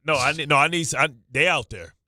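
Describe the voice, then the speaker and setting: A man's voice: a little high, brisk, bright, forceful tone, no echo. A man hosting a sports radio show, talking in nervous, stammering, repeating bursts of banter. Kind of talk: excitable sports talk banter.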